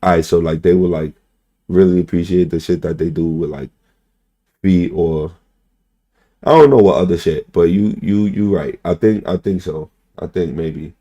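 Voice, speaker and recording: A man's voice: deep voice, normal speed, warm tone, husky. A young man ranting casually to his stream chat, rambling, swearing and repeating "bro" and "son" constantly.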